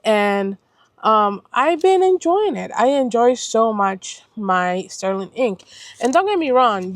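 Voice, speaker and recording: A young woman from Puerto Rico chats casually as a planner vlogger, rambling, correcting herself, and apologizing. Her voice is on the high side, with no room sound.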